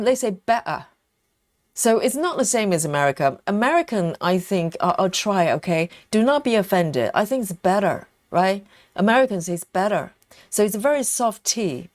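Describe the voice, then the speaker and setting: A woman hosts a relaxed craft livestream, reading out viewers' comments and answering them. Her voice moves lively up and down, but she talks slowly with plenty of pauses and small laughs. The sound is close and dry, with no room around it. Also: mid-range voice, no echo. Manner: laughs often, chatty, repeats words while thinking. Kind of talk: casual chat reading live comments.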